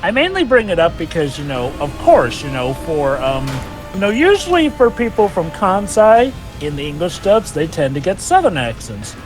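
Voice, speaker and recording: Lively man making wry remarks. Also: a little high, moderate pace, few pauses, music in the background. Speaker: podcast co-host. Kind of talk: casual gaming chat.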